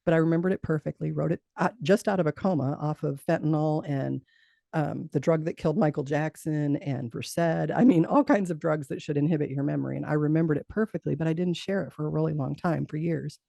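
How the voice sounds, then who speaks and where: A middle-aged woman speaks as an interview guest, sharing her own story earnestly and acting out the voices she remembers. Her voice is low and mellow with a gravelly edge, and the recording is close and dry with no room sound. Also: fairly quick, no room sound. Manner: earnest, acts out quoted dialogue. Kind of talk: personal storytelling in conversation.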